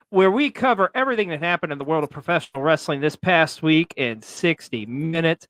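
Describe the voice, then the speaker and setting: A man's voice: fairly high pitch, normal speed, a bit bright, dry recording. A man hosting a wrestling recap show, delivering in a theatrical, announcer-like way. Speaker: host.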